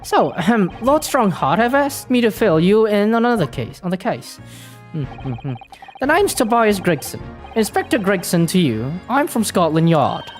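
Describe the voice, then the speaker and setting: A gruff, middle-aged English police inspector, put on by a woman reading game lines, with a brusque, impatient delivery and a lowered voice. His put-on English accent slides up and down in lively swoops. Faint music plays underneath. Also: normal speed, close to an everyday voice.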